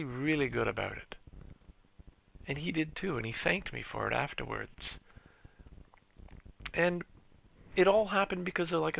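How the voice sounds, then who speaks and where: A man's voice: a little high, gravelly. A middle-aged man hosting a podcast, talking in a casual, reflective, rambling way with frequent fillers. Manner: reflective, chatty, trailing off with fillers. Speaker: podcast host. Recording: lo-fi phone-like sound.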